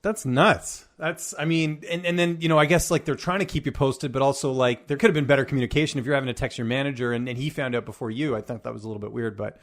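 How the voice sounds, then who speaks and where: A man with a mid-range voice asks his questions quickly and casually. His speech is full of fillers and restarts as he moves the chat along. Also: mid-range voice, steady tone. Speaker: interviewer. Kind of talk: casual interview.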